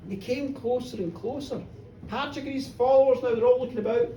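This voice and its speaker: A woman tells an old folk tale to a live audience, swinging between booming bursts and hushed, drawn-out lines. She is picked up from across a roomy space, with a faint hiss underneath. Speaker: storyteller. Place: pub function room with a live audience. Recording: roomy live pub recording from far off.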